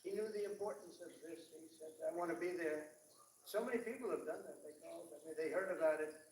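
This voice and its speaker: A man's voice: a little high, fast talker, a little mellow, slight background noise. A man giving an off-the-cuff public speech to foreign dignitaries, rambling with repeated superlatives and ad-libbed asides. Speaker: head of state addressing foreign dignitaries. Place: large hall at a formal gathering. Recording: echoey hall picked up from a distance.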